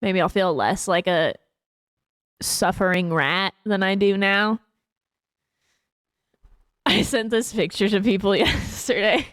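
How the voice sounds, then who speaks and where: A woman's voice: medium pitch, slow, long pauses, fairly bright tone, no echo. Woman streamer, casual rambling chat, self-mocking with lots of giggles, mid-range voice, close and dry. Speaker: livestreamer.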